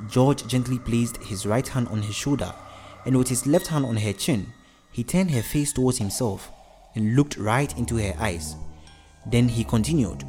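A man's voice: medium pitch, normal speed, warm tone, soft background music. Man reading a storybook aloud. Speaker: narrator. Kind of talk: storybook narration.

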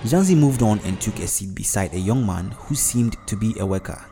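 A man narrating a story in a measured, even delivery. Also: lowish voice, soft background music. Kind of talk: storybook narration with character voices.

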